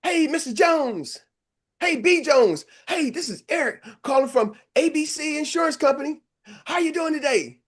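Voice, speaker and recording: A man's voice: very high voice, lively intonation, moderate pace, voice pushed up. A man putting on the voice of an eager young agent cold-calling sales leads in a chirpy, upbeat phone patter.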